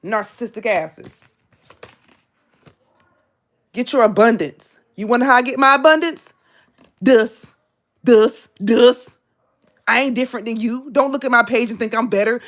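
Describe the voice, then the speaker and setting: Woman tarot reader, higher pitched, blunt and confrontational, curses freely. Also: animated, normal speed, long pauses, a bit bright. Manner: blunt, scolding, profane; repetitive, confrontational. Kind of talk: live tarot reading monologue.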